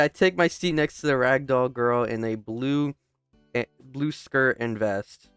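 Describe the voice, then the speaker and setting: A man's voice: mid-range voice, measured pace, a bit bright, clean tone, no room sound, soft background music. Young man reading a game aloud. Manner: stops and restarts, breaks off into joking asides. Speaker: gamer. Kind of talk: casual playthrough commentary, reading game text aloud.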